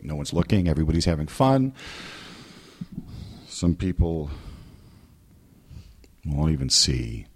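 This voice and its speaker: A man from New England preaching a sermon as pastor, animated and joking, slipping into mimicry. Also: lowish voice, brisk, long pauses, slightly rough.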